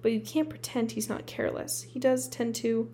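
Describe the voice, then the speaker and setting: A woman reading the part of a brisk, disapproving older female professor. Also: on the high side, mellow, slight background noise, close to an everyday voice. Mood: stern.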